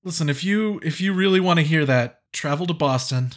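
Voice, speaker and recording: A man's voice: a little high, brisk. A man in casual chat who cuts in emphatically to give listeners advice.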